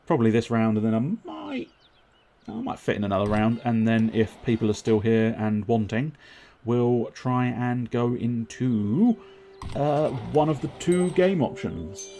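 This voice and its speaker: A man's voice: mid-range voice, expressive, unhurried, mellow, a little hiss or hum. A man casually commenting on a board game he plays live, chatty and self-mocking, with plenty of swearing. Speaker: livestreamer playing board games. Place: at home.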